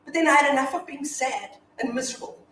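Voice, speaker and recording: An actress playing a grieving, foul-mouthed widow in a staged reading, telling her story from hushed to shouting. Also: sits high, quick pace, slight background noise. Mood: defiant. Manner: confessional monologue, swinging from hushed to shouting. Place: theatre stage. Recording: echoey hall from far off.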